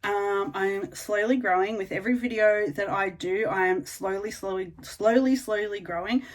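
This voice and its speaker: Australian woman, casual beauty vlogger, mid-pitched, chatty and eager with plenty of filler words. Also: moderate pace. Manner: chatty and excitable, full of ums and likes. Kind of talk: casual unboxing chat to camera.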